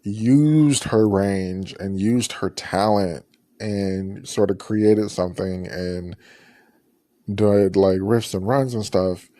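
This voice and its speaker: A man's voice: lowish voice, takes it slowly, mellow, no room sound. A man hosting a podcast, chatting casually and rambling through a review with lots of fillers and restarts. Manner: chatty, rambling, frequent fillers and self-corrections. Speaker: podcast host.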